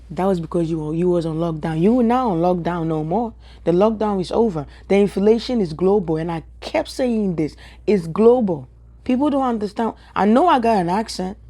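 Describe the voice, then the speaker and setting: This Ghanaian woman's voice is fairly low and warm. As a social media commentator, she addresses her viewers directly in an opinion rant, repeating her points with emphasis.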